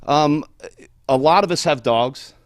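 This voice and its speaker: A man's voice: fairly high pitch, a little slow. A man being interviewed about a charity golf outing he helps organize, speaking in a plain, friendly way. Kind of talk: interview answers.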